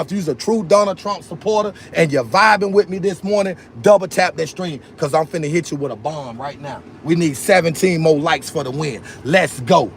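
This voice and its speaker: Brief: fiery male livestream host, preachy and repetitive, voice a bit high, faint ambient noise behind. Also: a bit bright. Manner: fiery, preachy, repeats phrases, calls out to viewers. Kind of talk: political livestream rant.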